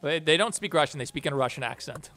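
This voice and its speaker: Gravelly man rambling on a stream. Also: fairly high pitch, lively intonation, fast, loud music behind the voice. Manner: chatty, rambling, thinks aloud. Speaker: animator and streamer. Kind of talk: casual live stream chat.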